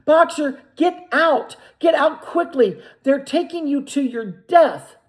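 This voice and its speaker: A man's voice: extremely high pitch, lively intonation, takes it slowly, voice pushed up, heavily acted. A man voicing a stout, motherly old mare, crying out in anguish in a storybook reading.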